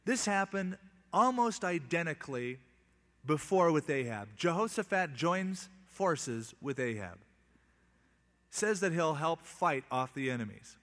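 Man preaching, casual bible teaching, wry retelling, fairly high voice, long hall echo. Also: lively intonation, unhurried, fairly bright tone. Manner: reads scripture then retells it in plain, wry modern terms.

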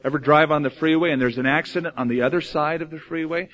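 Guy preaching a sermon, lively, voice a bit high, kinda muffled audio. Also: fast. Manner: animated, acts out quoted voices.

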